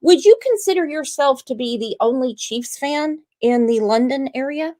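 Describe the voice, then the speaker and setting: A woman's voice: sits high, animated, normal speed, dark tone. A woman with a Southern US accent hosting a casual livestream, teasing her guest and reading viewer comments aloud. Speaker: host.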